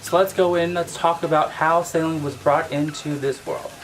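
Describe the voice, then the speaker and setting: A man vlogger telling a casual storytime about his pet, animated and full of exclamations. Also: on the high side, normal speed. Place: at home with his cat.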